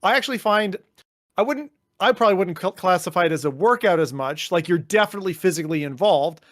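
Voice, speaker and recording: A man's voice: high-pitched, expressive, fast, fairly bright tone, no echo, clean studio sound. A man co-hosting a podcast, chatting casually and animatedly, slipping into mock voices and swearing. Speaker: podcast co-host. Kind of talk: casual chat.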